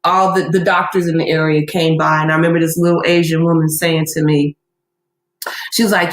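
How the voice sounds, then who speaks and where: A woman's voice: lowish voice, normal speed. A woman hosting a podcast, telling a story in casual chat and acting out the lines she quotes. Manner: animated storyteller, acts out quotes. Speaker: podcast host. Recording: echoey room with faint noise.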